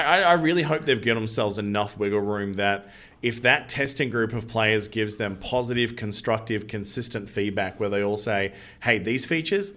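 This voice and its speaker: Chatty Australian man, bright voice. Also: lowish voice. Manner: chatty, laughs often, slangy. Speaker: podcast co-host. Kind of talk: casual gaming podcast chat.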